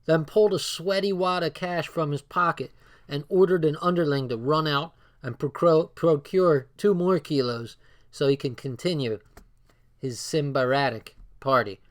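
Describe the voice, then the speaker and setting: A man's voice: a little high, normal speed. A man casually reading a book aloud and breaking off into loose, swearing asides. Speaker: book reader and commentator.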